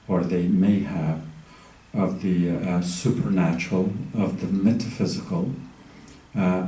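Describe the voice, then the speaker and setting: Slow, deep-voiced man lecturing in an echoey room. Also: warm tone. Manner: measured, frequent ums and uhs. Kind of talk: academic lecture. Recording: echoey room, mic far off.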